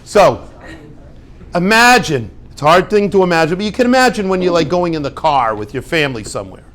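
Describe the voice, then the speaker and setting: A man giving an informal Torah talk to a group, lively and conversational, acting out little dialogues and dropping Hebrew and Yiddish words. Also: high-pitched, fairly quick. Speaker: rabbi teaching a class.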